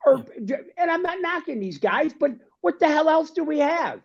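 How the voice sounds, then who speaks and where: A man's voice: extremely high pitch, lively intonation, moderate pace, vocal fry. Give me a fired-up, ranting male sports co-host, in dull lo-fi sound. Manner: fired-up, ranting, repeats himself. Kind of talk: sports talk.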